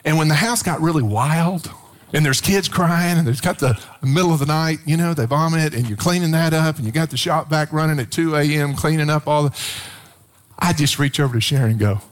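A man's voice: on the high side, fairly quick. A middle-aged man, a pastor preaching a sermon, telling stories with playful acted quotes and emphatic swells.

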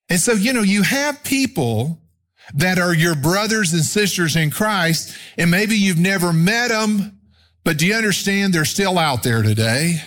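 A man, a pastor, preaching a sermon, reading scripture slowly with heavy stress and speeding up when he tells a story. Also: high voice, expressive, a bit bright. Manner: slow, emphatic scripture reading with rising stresses.

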